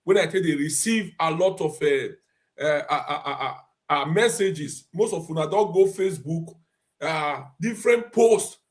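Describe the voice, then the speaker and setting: A man's voice: on the high side, unhurried. A male host with a Nigerian Pidgin accent, greeting viewers in a chatty way full of fillers. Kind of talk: casual broadcast greeting.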